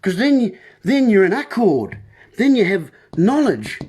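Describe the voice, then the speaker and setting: A man's voice: high voice, big pitch swings, measured pace, darkish tone, a little hiss or hum. A man delivering a rambling monologue as host, full of playful wordplay and talking straight to the listeners as folks.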